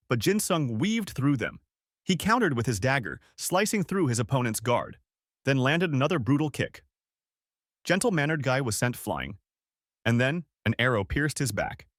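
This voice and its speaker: A man narrating a comic story recap in brisk, scripted storytelling on a close mic. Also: medium pitch, a bit bright, dry recording.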